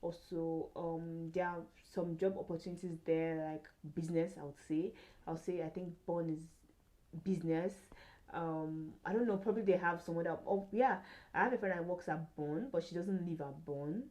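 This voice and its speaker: A woman's voice: fairly low pitch, moderate pace, darkish tone, low-quality recording. A young adult woman vlogging in casual chat, rambling with many fillers and restarts.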